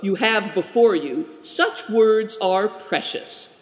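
A man's voice: high-pitched, slow pace, pitched above the performer's own voice. A man voicing an earnest, naive, good-natured guide who asks wondering questions, in an echoey room. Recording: echoey room with long reverb.

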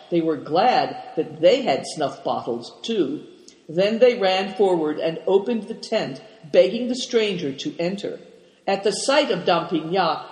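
A man reading a novel aloud as steady storybook narration. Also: high-pitched. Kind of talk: scripted narration. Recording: echoey room.

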